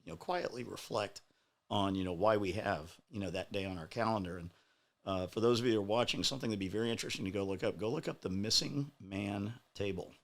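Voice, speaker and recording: A man on a casual talk show, speaking in a measured, reflective way with many fillers. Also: on the low side, animated, creaky.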